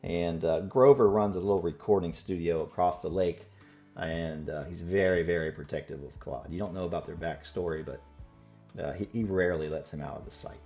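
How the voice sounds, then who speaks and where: A man narrating a tabletop game as game master, relaxed and full of fillers. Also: low voice, a little fast, soft background music.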